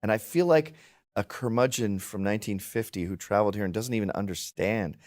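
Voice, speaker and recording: A man's voice: on the low side, a little fast, darkish tone. A middle-aged man, a guest in a casual chat, telling stories bluntly with swearing and laughing at his own jokes, and slipping into put-on voices of old men.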